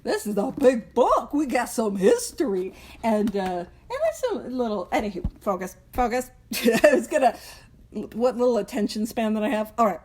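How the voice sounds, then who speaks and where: A young woman with a slightly high voice leads a casual book study group, chatting and joking as she goes. She is self-deprecating, laughs often and slips into quick voices for the people in the story. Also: big pitch swings, darkish tone.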